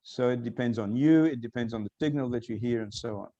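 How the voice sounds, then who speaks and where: A man giving a recorded lecture, explaining slowly and repeating key phrases for emphasis. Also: medium pitch, dark tone, highs cut off.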